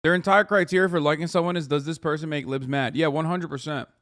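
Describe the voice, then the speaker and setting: A man's voice: on the high side, steady tone, quick pace, fairly bright tone. A man hosting a live stream, ranting casually and heatedly at his chat, swearing often and mocking his critics in put-on voices. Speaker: streamer host. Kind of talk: casual political rant to chat.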